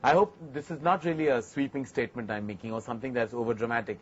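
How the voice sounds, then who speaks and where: A man's voice: medium pitch, quick pace, lo-fi sound. A man, a filmmaker hosting a TV segment, talking earnestly to camera about working with his actors. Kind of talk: reflective to-camera talk.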